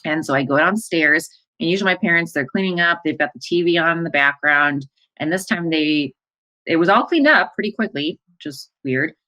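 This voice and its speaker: A woman with a low, deep speaking voice tells her own story as a podcast monologue. She speaks in an emotional, breathless way, acting out her own and her family's words as she goes. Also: fairly quick, bright, forceful tone, low-quality recording. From American Midwest. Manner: emotional, breathless retelling with quoted dialogue. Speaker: life coach and podcast host.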